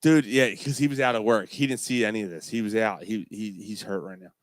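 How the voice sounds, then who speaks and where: A middle-aged man co-hosting a casual pub sports podcast, telling a work story in an animated way and swearing freely. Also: on the low side, brisk, dry recording, clean studio sound. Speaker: podcast co-host. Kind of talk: casual chat.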